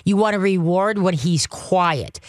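A woman's voice: lowish voice, unhurried, no echo. An older woman hosting a call-in radio advice show, chatty and folksy, often acting out the commands she gives.

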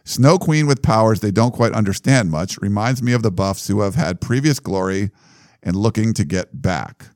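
On a laid-back sports podcast, this co-host reads out joking comparisons, laughing and dropping fillers as he goes. He speaks at a normal speed in a fairly low, slightly mellow voice with lively intonation. There's no room sound, and the audio is studio grade.

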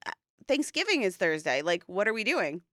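A woman's voice: mid-range voice, big pitch swings, moderate pace, fairly bright tone, no echo. A woman co-hosting a podcast, telling a personal story in rambling, self-interrupting casual chat. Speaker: podcast co-host.

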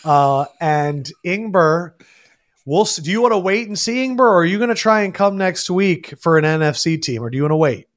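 A man hosting a casual sports podcast, talking in an animated, rambling storytelling way. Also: sits high, brisk. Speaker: podcast host.

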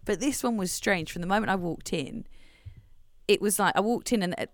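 A young woman from England chats on a podcast, spinning lively anecdotes and slipping into the voices of the people she quotes. Her voice sits at an ordinary middle pitch. The recording is close and dry, with no room sound. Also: fairly quick, no room sound. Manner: chatty storyteller, laughs often, acts out quotes. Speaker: podcast co-host. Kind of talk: casual chat.

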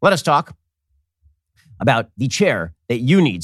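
Male commentary host, sarcastic and combative, lively swinging pitch, dry close mic. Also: unhurried, pauses often, slightly rough, no room sound. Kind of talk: political commentary monologue.

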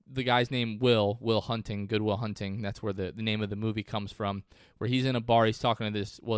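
A man's voice: medium pitch, smooth, no echo, studio quality. A man hosting a sports podcast, talking through a game in a casual, conversational way that wanders off on tangents. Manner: conversational, digressive. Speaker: podcast host.

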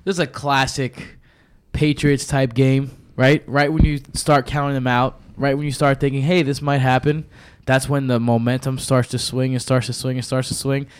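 A man's voice: mid-range voice, little pitch movement, moderate pace, few pauses, clear, resonant tone. A man co-hosting a sports podcast, giving a confident, emphatic breakdown of a football game. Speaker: podcast co-host. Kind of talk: sports analysis monologue.

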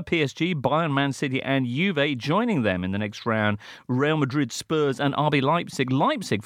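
A man hosting a football podcast with a lively voice that climbs and dips across a wide range. He moves along briskly and playfully, trading jokes and puns with his guests. The recording is close and dry. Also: on the high side, no echo. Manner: brisk, playful presenter with wordplay. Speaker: podcast host.

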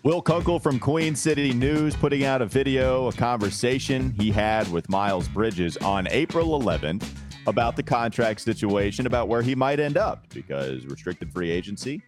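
A man's voice: fairly low pitch, expressive, music in the background. A man hosting a sports podcast, chatting casually and teasing his co-host. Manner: teasing, laughs often, brisk ad reads.

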